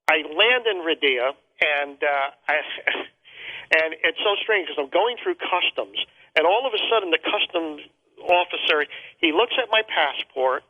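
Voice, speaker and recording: A man being interviewed, telling a personal travel story in a rambling, halting way with many fillers and repeated words, heard over a phone call. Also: a little high. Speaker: interview guest. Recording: tinny phone line.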